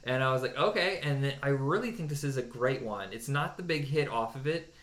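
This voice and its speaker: A man chats casually as a podcast co-host and counts down songs with strong opinions. His voice sits in a middle pitch. The room around him is echoey. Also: brisk. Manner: animated, opinionated, with mocking put-on voices.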